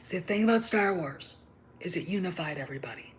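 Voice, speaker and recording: A woman's voice: lowish voice, lively intonation, quick pace, a little hiss or hum. A middle-aged woman hosting her own channel, delivering a heated, emphatic rant that drops to whispers for emphasis. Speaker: channel host. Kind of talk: ranting opinion monologue.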